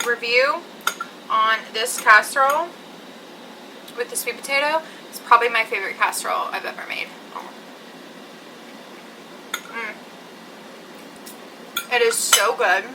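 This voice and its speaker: A young woman talks to her camera at home in an upbeat, giggly way, drawing her words out slowly. Her voice sits a little high. The home recording carries a clear hiss of background noise. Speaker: vlogger. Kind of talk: casual chat to camera. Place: home kitchen.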